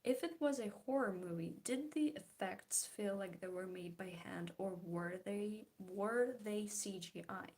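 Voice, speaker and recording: A woman's voice: medium pitch, a little slow, few pauses, darkish tone. A young woman chatting casually and giggling while she paints, trailing off into murmured, half-whispered asides. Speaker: art vlogger.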